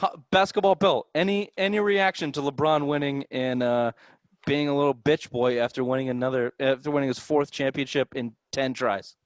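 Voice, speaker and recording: A man with a Boston accent hosting a casual sports podcast, animated and profane, his voice jumping up when he gets worked up. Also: mid-range voice, moderate pace, dry recording.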